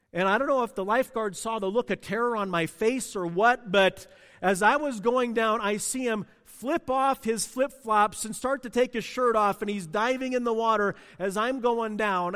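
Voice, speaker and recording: High-voiced preacher in a reverberant hall. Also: male voice, fairly bright tone. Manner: storytelling, asks the congregation questions. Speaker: pastor. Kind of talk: sermon.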